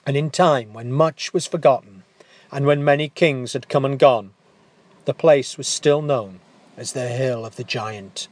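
A man narrating a fairy tale in a gentle, unhurried storytelling manner. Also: mid-range voice, no echo.

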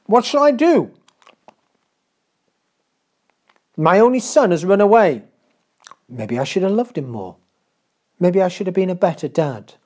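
A man voicing a self-pitying, fussy old king who wails in a high voice. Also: very animated, moderate pace, mellow. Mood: anguished. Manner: high, wailing, exclamatory.

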